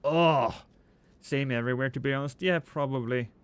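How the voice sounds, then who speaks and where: A man's voice: mid-range voice, normal speed, clear, resonant tone, no room sound. A man streaming a game live, chatting with viewers in a rambling, joking, self-deprecating way.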